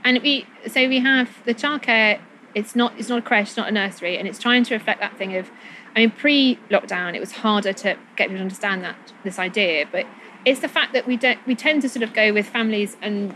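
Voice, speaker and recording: A woman in casual chat, rambling quickly and laughing often. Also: medium pitch, pushed and bright, a little hiss or hum, poor audio.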